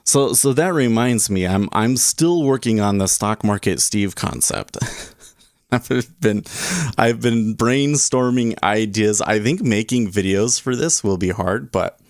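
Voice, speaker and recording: A man's voice: on the low side, expressive, takes it slowly, no echo, clean studio sound. A man hosting a day trading livestream, rambling casually and chuckling as he reads chat aloud.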